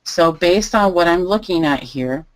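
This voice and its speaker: A woman teaching a live online lesson, calmly thinking aloud as she types through each step. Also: fairly low pitch, a little slow, rough recording. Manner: relaxed, thinking aloud while typing. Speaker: online selling instructor. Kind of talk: live screen-share tutorial.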